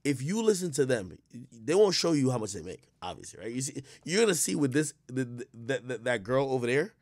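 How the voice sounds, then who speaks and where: A man's voice: medium pitch, big pitch swings, fairly quick, darkish tone, no room sound, clean studio sound. A man giving blunt, profane commentary in a rambling, storytelling way while reacting to a clip.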